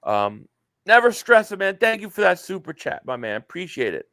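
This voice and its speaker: A man's voice: high voice, very animated, moderate pace, bright, forceful tone, dry recording, studio quality. Chatty man hosting a sports podcast. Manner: rambling, many fillers, reads viewer messages aloud. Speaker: podcast host. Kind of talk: casual sports podcast chat.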